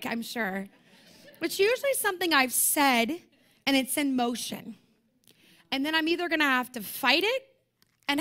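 A young woman preaching at a conference, emphatic and animated, with self-deprecating humor. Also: high-pitched. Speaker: conference speaker. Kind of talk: sermon.

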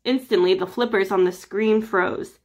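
A woman teacher reading a chapter book aloud to children with lively, expressive storytelling. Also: medium pitch, normal speed.

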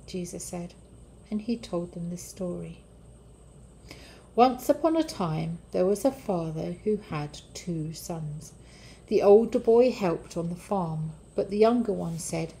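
A woman reading a children's Bible storybook aloud for a church, gentle and measured. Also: lowish voice, vocal fry, poor audio.

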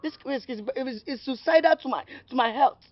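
A man's voice: on the high side, fairly quick, slightly rough. A man playing a cheeky flirt with a Nigerian accent. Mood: whining. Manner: playful, teasing, laughs a lot. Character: cheeky man chasing a woman, laughing. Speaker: flirting brother-in-law. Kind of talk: Nollywood film acting. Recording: dull lo-fi sound, faint noise.

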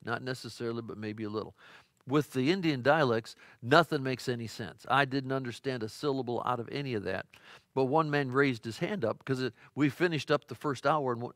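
Middle-aged male pastor, folksy teaching sermon, average pitch, dry close sound. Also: fairly bright tone, dry recording. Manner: conversational, folksy storytelling with many fillers and restarts.

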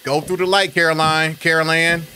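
A man's voice: on the high side, level tone, moderate pace, sharp tone. A young man gives jumpy, slangy commentary while playing a horror game. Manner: jumpy, swears, slangy reactions. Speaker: gaming YouTuber. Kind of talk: horror let's play commentary. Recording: game music behind voice.

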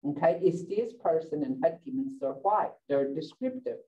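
Lively woman teacher, far from mic. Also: low-pitched. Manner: lively, laughs often, repeats words slowly for learners. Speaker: language teacher. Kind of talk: teaching a vocabulary lesson. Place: classroom. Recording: dull lo-fi sound from a distant mic.

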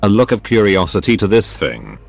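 Low synthetic male storyteller. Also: big pitch swings, fairly quick, creaky. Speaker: narrator.

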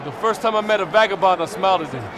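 A man doing a goofy, excitable comedic overdub full of nonsense lines. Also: high-pitched, very fast, a crowd in the background. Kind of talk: comedic overdub of sports footage.

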